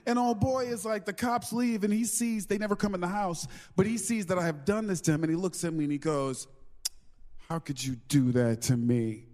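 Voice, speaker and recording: A man telling a story in casual podcast chat, animated, acting out quotes and laughing often. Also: sits high, a little fast, hardly any pauses. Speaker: guest.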